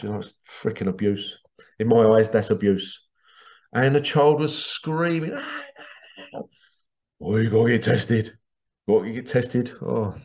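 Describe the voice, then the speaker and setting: A man holds forth on his own podcast in an indignant, sarcastic rant, cursing freely as he goes. His voice sits at an ordinary middle pitch. The recording is a bit dull and lo-fi. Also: warm tone. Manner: ranting, indignant and sarcastic, swears casually. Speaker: podcast host. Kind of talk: opinionated podcast monologue.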